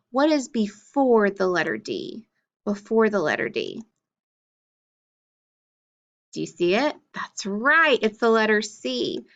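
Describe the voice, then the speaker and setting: Woman teacher, phonics lesson for young kids, unhurried and patient, muffled lo-fi sound. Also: on the high side, a bit bright. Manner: slow, deliberate, encouraging. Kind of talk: early-grade phonics lesson.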